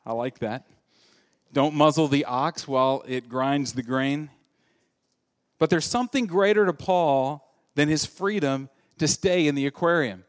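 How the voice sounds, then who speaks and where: A middle-aged man from the American South, a pastor giving a jokey, animated sermon and acting out quoted voices. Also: fairly high pitch, measured pace. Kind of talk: humorous sermon.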